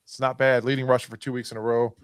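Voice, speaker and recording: A man's voice: medium pitch, level tone, quick pace, clean tone, dry recording, studio quality. A man hosting a casual sports podcast, reading stats and joking with his co-hosts. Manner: reads stats, jokes around. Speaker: podcast host.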